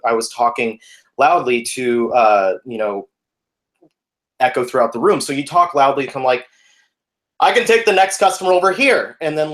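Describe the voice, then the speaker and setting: A young man telling a story in casual chat, animated and laughing, acting out the people in it. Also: medium pitch. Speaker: podcast guest telling a story.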